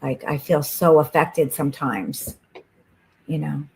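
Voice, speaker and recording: A woman getting a card reading, talking softly and hesitantly, with plenty of fillers. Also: low voice, a little slow, vocal fry, low-quality recording. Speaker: guest being read for. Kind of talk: casual chat.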